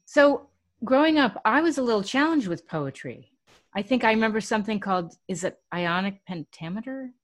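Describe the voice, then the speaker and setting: A woman interviewing a guest in a casual chat, encouraging him and often answering with quick affirmations. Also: mid-range voice, animated.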